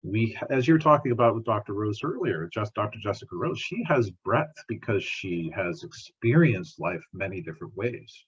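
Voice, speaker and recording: A man, a scientist guest on a podcast, telling stories in an animated way and often repeating words. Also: fairly low pitch, normal speed, few pauses, slightly rough, highs cut off. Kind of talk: storytelling in conversation.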